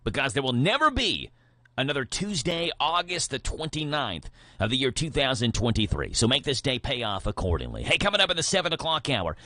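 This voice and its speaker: A man's voice: medium pitch, very animated, brisk, sharp tone, no echo, studio quality. A man hosting a local morning radio show, announcing segments and upcoming guests in an upbeat way. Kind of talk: local radio host patter. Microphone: studio mic.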